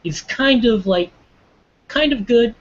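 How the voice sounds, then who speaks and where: A man's voice: very high-pitched, animated, takes it slowly. A man in a casual online group discussion who talks loosely and fills his speech with "like". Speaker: hangout participant. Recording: dull lo-fi call audio with faint background noise.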